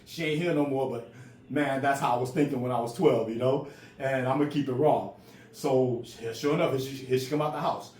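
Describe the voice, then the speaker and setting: Brisk and fairly even in intonation, this forties-aged man has a medium-pitched, darkish voice as he tells a casual, raw personal story. He stutters and repeats words, and the recording is roomy with faint ambient noise.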